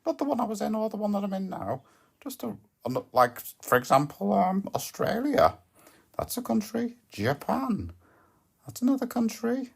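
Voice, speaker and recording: A woman hosting a comic podcast, rambling in a deadpan, hesitant way with constant ums and self-corrections. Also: medium pitch, moderate pace, vocal fry, breathy edge. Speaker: podcast host.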